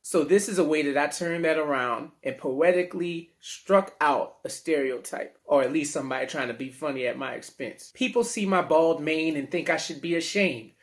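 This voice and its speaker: A man with a New Orleans accent, teaching children in a playful, slangy, animated way. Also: fairly high pitch, moderate pace, hardly any pauses. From New Orleans, USA. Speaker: teaching artist. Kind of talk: children's lesson to camera.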